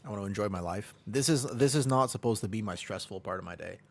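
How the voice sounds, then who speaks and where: A man's voice: lowish voice, fast talker, gravelly, slight background noise. A man with a Midwestern American accent chatting casually with viewers while he plays, upbeat and joking, often breaking into laughter. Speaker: streamer. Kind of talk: casual live-stream chat while gaming.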